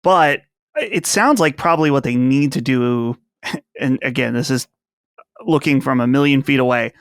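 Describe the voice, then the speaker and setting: A man co-hosting a podcast in casual chat, speaking in a measured, relaxed way. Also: mid-range voice, no room sound. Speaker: podcast co-host.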